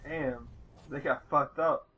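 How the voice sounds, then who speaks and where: A man's voice: medium pitch, fairly even intonation, slow, highs cut off, slight background noise. A young man from the United States giving casual, rambling gameplay commentary with plenty of swearing and exasperation. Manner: rambling, profane, easily exasperated.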